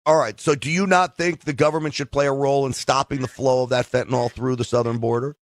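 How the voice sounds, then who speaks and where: In a radio studio, a man hosts a call-in talk show, jokingly teasing his callers and laughing often. His mid-range voice is steady in tone and fast, captured on a studio microphone.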